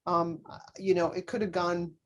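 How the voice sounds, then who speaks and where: A woman speaking as a podcast guest, telling a personal story in earnest, halting speech full of fillers and restarts. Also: on the low side, flat delivery. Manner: earnest, speaks openly about faith.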